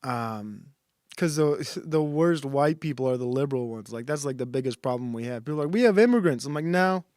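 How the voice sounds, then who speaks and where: A man's voice: mid-range voice, a little fast, a little mellow, no room sound, clean studio sound. A man streaming a casual monologue who rambles and halts, with many fillers and restarts.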